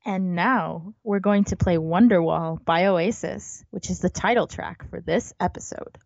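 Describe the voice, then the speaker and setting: A woman doing a slow radio DJ. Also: on the low side, vocal fry, a little mellow, no echo, pitched below the performer's own voice. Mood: smooth. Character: smooth radio disc jockey, woman. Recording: dull lo-fi recording.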